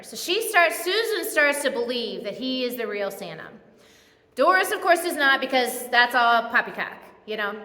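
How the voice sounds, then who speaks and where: A woman's voice: high voice, pushed and bright. A woman giving a casual sermon, retelling a movie plot in a chatty, laughing, self-correcting way in a church. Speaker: speaker at a church. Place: church sanctuary. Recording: echoey hall with long reverb.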